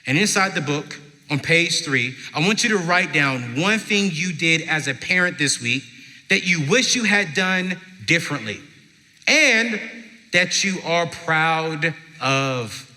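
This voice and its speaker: Male stage speaker, bright and forceful, emphatic storyteller with dramatic pauses, live in a reverberant hall. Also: on the high side, animated. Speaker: motivational speaker at a parenting event. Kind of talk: live inspirational talk to an audience. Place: large event hall with live audience.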